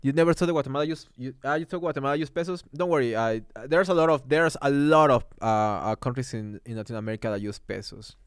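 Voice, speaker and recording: A man's voice: mid-range voice, clear, resonant tone, no room sound, clean studio sound. Man chatting on a livestream. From Mexico. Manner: rambling, halting English with many restarts and fillers. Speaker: livestream host. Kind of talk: casual livestream chat, reading comments.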